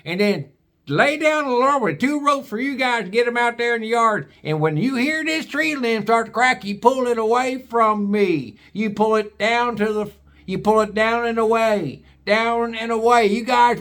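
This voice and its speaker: A man voicing a gruff, folksy redneck father who drawls and bosses his grown sons around while climbing a tree. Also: very high voice, moderate pace, a bit bright, voice pushed up. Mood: bossy.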